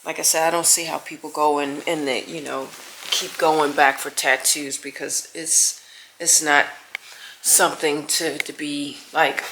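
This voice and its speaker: This middle-aged vlogger has a low-pitched voice and talks a little slowly. Chatting casually to the camera, she turns animated and exclamatory, then trails into soft musing, with faint music behind her and some hiss or hum.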